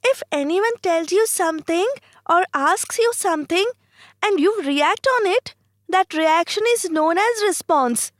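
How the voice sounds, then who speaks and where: A woman's voice: very high-pitched, expressive, measured pace, no room sound, pitched above the performer's own voice. A woman voicing an eager schoolchild who answers the teacher in a careful, recited way. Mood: earnest.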